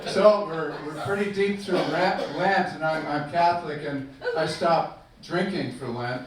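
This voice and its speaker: An older man performs a dry, self-deprecating stand-up set on a comedy club stage. His voice sits a little high for a man. It comes from off-mic in a strongly echoing room, with heavy noise underneath. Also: unhurried. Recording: echoey club with far mic and loud noise.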